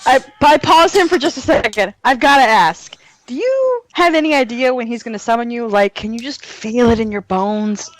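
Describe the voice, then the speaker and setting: A woman at a tabletop game chatting casually and swearing freely. Her voice sits a bit high and swings widely in pitch. The energy is excitable. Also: moderate pace. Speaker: player.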